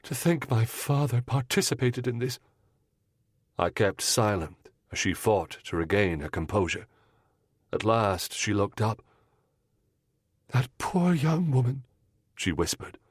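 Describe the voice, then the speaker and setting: A man's voice: medium pitch, sing-song, measured pace, pauses often, breathy edge, dry recording, clean studio sound. A man voicing an earnest, compassionate young married woman in an audiobook, speaking in a pleading, heartfelt way. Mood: grieving. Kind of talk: audiobook character voice.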